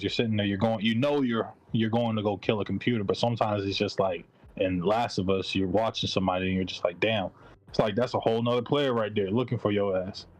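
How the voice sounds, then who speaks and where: Animated slangy man talking games. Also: on the low side, rough recording. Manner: animated, slangy, swears freely. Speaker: guest. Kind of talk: casual gaming chat.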